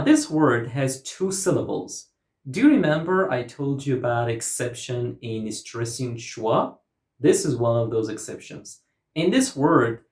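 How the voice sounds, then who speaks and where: A woman's voice: extremely low pitch, darkish tone. A woman teaching English pronunciation, saying each word several times and drawing out its syllables. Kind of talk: slow, careful teaching with repeated model words. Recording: roomy echo.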